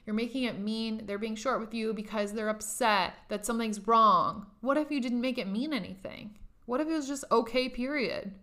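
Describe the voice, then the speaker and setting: Podcast host, young woman, bright tone, emphatic and profane, casual motivational delivery. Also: a little high, moderate pace. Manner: profane, emphatic, laughs often.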